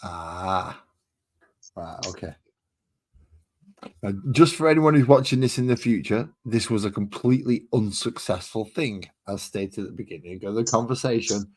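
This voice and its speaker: A man's voice: on the low side, expressive, normal speed. A man hosting a painting stream, chatting casually with easygoing dry asides as he works. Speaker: host of a miniature-painting stream. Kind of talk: casual chat while painting.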